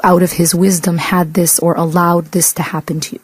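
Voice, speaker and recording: Woman radio lecturer, a bit sick, low voice, husky and dry. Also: little pitch movement, moderate pace, dry recording. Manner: reflective, many fillers and restarts. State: sick, voice coming in and out. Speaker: radio show host and Islamic lecturer. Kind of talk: religious talk on the radio.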